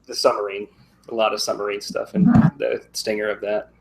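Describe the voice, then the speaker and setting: A man co-hosting a podcast, recapping a TV episode in relaxed, joking chat. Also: fairly low pitch, moderate pace, gravelly. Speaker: podcast co-host.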